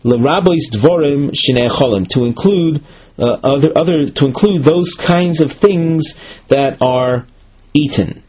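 A man giving a measured, explanatory Talmud lesson, walking through a marked text with frequent fillers and restarts. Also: a little high, husky. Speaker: Talmud teacher. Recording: dull lo-fi recording.

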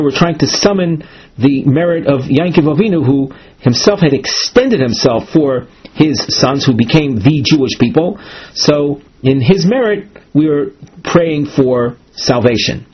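Husky man teaching a text, lo-fi. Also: on the high side, lively intonation. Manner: reads Hebrew-Aramaic phrases, then explains with many "uh" pauses. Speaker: Talmud teacher. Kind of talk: text study lesson, reading and translating. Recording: dull lo-fi recording.

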